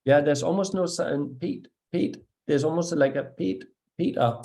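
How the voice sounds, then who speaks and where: A man's voice: a little high, mellow. Patient Danish-accented man teaching pronunciation. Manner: patient, encouraging, demonstrates sounds slowly. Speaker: language teacher. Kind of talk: one-on-one pronunciation lesson.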